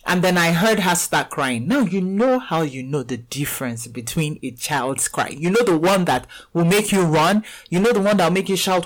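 Animated Nigerian woman, lively storytelling. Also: lowish voice, normal speed, hardly any pauses, low-quality recording. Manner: animated storyteller, laughs often, acts out dialogue. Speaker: podcast host and fitness coach. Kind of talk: casual podcast monologue.

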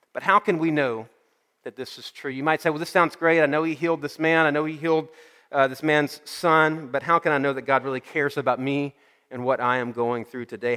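A male pastor preaching a sermon, telling a story and then slowing and softening his voice for emphasis. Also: a little high, in a large hall.

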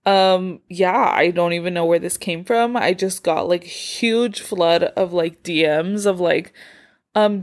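A woman's voice: on the low side, a little slow. Young woman, podcast host, chatty and scattered, worn out and short of breath. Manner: rambling, filler-heavy, self-deprecating. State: tired and out of breath. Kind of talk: casual solo podcast chat.

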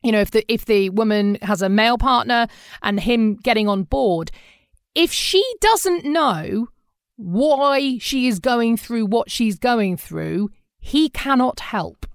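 Animated woman, dry close sound. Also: on the high side, slow, smooth, dry recording. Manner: candid, animated storytelling with quoted voices. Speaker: podcast host. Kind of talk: casual conversational podcast.

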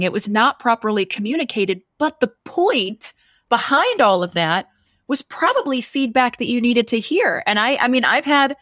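A woman's voice: fairly high pitch, no room sound, clean studio sound. A woman in casual podcast talk, telling a story and acting out the dialogue with lots of energy. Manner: animated, acts out quoted dialogue.

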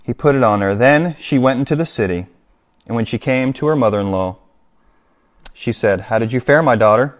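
A man's voice: mid-range voice, brisk. A man preaching a sermon to his congregation, reading scripture aloud and explaining it with direct appeals to his listeners. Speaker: pastor.

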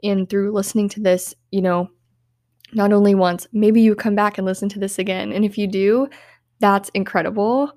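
A woman's voice: medium pitch, fairly even intonation, normal speed, a little mellow, no room sound. A young woman hosting a self-help podcast, talking in an earnest, heartfelt way with many "like"s, close to tears. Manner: earnest, heartfelt, uses "like" often. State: tearful, on the verge of crying. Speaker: podcast host.

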